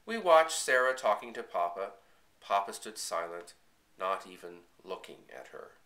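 A man's voice: fairly low pitch, very animated, moderate pace, pushed and bright. A man reading a children's chapter book aloud, narrating expressively in the first person. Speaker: audiobook reader. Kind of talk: storybook reading.

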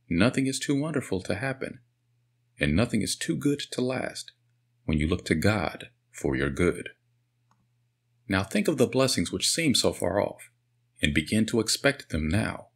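A man narrating a spiritual self-help audiobook in an earnest, measured way. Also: on the low side, gravelly, breathy edge. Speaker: audiobook reader.

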